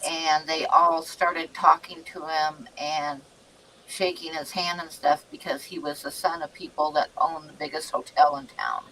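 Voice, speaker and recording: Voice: mid-range voice, fairly even intonation, measured pace, pushed and bright, slight background noise. A parent telling stories in casual livestream chat, full of fillers like "um", recorded slightly away from the microphone. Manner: storytelling with fillers. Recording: voice a bit distant from the mic.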